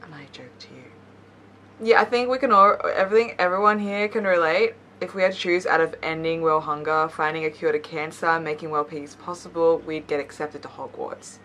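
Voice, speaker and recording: A young woman YouTuber reads memes aloud in a low, brisk, slightly bright voice, with a little hiss or hum on the recording. She giggles between lines and adds playful, self-mocking commentary.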